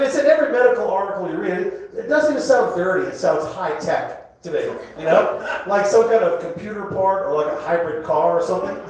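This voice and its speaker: In a comedy club, a man in his fifties with a high voice rambles through a jokey stand-up set, sometimes shouting out a punchline. The recording is echoey and distant, with a crowd laughing in the background.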